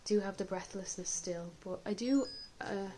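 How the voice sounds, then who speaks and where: A woman's voice: mid-range voice, normal speed, noisy background. Woman, casual vlog, chatty, candid, coughs now and then, at home. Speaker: vlogger. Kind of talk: casual video diary. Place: indoors at home.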